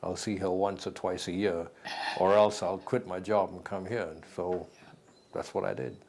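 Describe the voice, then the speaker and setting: Man, very low voice, dry matter-of-fact storyteller. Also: fairly even intonation, moderate pace, vocal fry, a little mellow. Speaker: interviewee.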